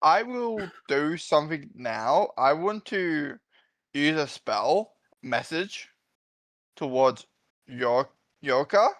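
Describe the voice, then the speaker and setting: A man takes part in a tabletop game session, speaking casually in a slightly higher voice. He talks in hesitant starts and stops, recorded dry and close. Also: sing-song, slow, a bit bright, no room sound. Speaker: player.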